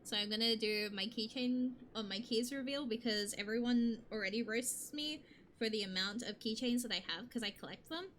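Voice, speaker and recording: A woman's voice: on the high side, normal speed, a bit bright, a little hiss or hum. A young adult woman streamer chatting casually with her viewers, bubbly and rambling, often laughing.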